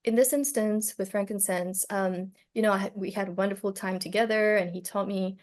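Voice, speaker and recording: A woman's voice: medium pitch, a little fast. A woman telling a personal story in casual talk, reflective and hesitant, with many fillers and restarts. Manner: reflective, gently animated when telling a story. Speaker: speaker on plant medicine.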